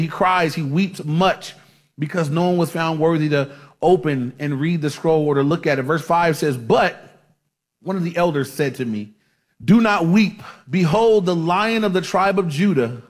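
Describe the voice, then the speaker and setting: A man pastor preaching a conversational sermon, often restarting his sentences and checking in with the congregation. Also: sits high. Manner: conversational with many restarts and fillers; asks the congregation for amens.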